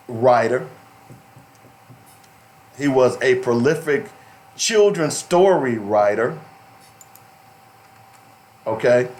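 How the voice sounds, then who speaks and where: A middle-aged man hosting a talk radio show, speaking in an emphatic, preachy way and repeating phrases for stress. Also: medium pitch.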